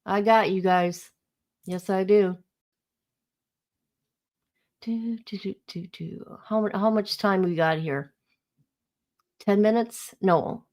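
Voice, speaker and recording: Slow, heated woman ranting on a livestream. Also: medium pitch, fairly even intonation, darkish tone. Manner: heated, ranting, greets viewers by name. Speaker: livestream host. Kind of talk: casual livestream commentary.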